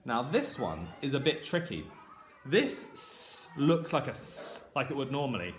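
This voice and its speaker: A young male primary school teacher with a British accent, giving a phonics lesson to camera and slowly sounding out words in an encouraging way. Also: a little high, fairly bright tone, slight background noise. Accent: British English. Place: classroom. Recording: echoey classroom.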